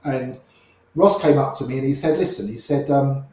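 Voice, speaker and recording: An older man, an interview guest, telling lively anecdotes and acting out the voices of the people in them. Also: medium pitch, moderate pace, heavy reverb, poor audio. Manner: lively raconteur, acts out quoted voices. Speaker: interview guest, poker player. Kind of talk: anecdotal storytelling.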